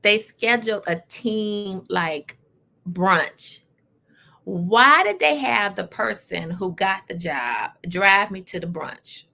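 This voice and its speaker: Woman host telling her own story, bright voice w/ gravelly fry, animated and emphatic. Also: medium pitch, takes it slowly. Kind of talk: casual storytelling talk.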